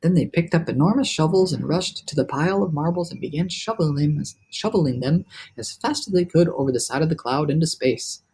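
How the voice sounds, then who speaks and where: A man reading a children's novel aloud with lively, animated storytelling. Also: a little high, a little fast, husky. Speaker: reader.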